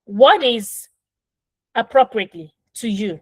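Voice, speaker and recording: A woman's voice: medium pitch, expressive, moderate pace, a little mellow, no room sound, rough recording. Woman, parenting coach, casual instructive talk, patient and step-by-step, phone mic in a dead-dry room. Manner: patient, step-by-step explaining with frequent "right?".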